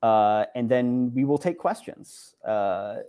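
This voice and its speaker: A young man presents an online conference talk over slides, recorded on a computer mic. His mid-range voice is warm and smooth, slow yet lively in intonation, and his casual delivery is packed with fillers and tags like "right?" and "like."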